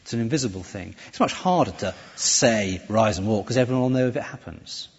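A man preaching a sermon in a church, conversational and animated, often restarting his phrases. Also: mid-range voice, fast, slightly rough. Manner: lively, conversational preaching with self-corrections. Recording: dull, echoey church hall recording.

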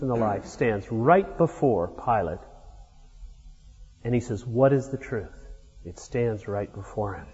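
A man preaching a sermon, explaining a passage verse by verse in an unhurried way with small hesitations and a husky voice. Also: mid-range voice, darkish tone. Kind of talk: expository sermon. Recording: dull lo-fi sound in a reverberant hall.

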